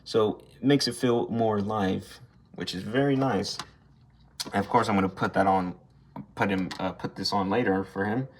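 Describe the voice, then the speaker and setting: A man's voice: on the low side, normal speed, a little hiss or hum. A young man casually reviewing an action figure, rambling, swearing freely and airing blunt gripes. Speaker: toy reviewer. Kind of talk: casual unscripted toy review.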